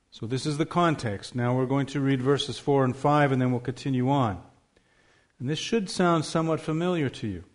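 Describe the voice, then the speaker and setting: Man, pastor, sermon, steady mid-pitched voice, plain explaining tone. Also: normal speed. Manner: reads scripture in a raised, emphatic voice, prays softly. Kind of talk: sermon with scripture reading and prayer.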